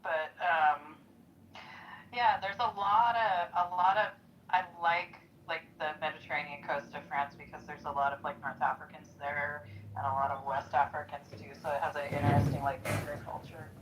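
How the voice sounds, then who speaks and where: A woman in her forties with a low voice talks in an easy, rambling way and fills her sentences with little pauses and filler words. Faint noise sits under her voice. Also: steady tone, low-quality recording. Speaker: chat room participant. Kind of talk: casual chat.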